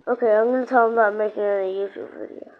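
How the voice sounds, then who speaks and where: A woman's voice: mid-range voice, steady tone, fast talker. A woman giving casual, rambling commentary while playing a game, repeating herself and breaking into sudden exclamations. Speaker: gamer, channel host. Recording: dull lo-fi sound with faint noise.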